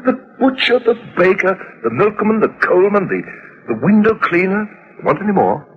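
A breezy husband. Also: male voice, lowish voice, wildly swooping pitch, brisk. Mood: reassuring. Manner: breezy, joking, reassuring. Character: brisk, reassuring young husband and father. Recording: dull lo-fi old radio recording.

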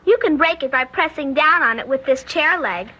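Woman voicing a creepy prim little girl, high and lilting, unhurried; radio drama. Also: muffled recording. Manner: prim, sing-song, calmly menacing. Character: eerie polite little girl with a toy gun.

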